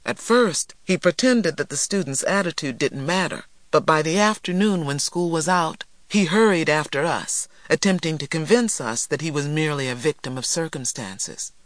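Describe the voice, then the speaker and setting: A man narrating a novel aloud at a steady, measured pace. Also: fairly high pitch, no echo. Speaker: reader. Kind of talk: storybook narration.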